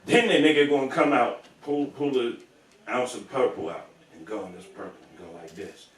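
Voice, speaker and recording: A man's voice: mid-range voice, moderate pace. A man hosting a podcast, telling stories casually and animatedly, acting out the voices of people he quotes. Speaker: podcast host. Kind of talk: casual storytelling. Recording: roomy echo, far from mic.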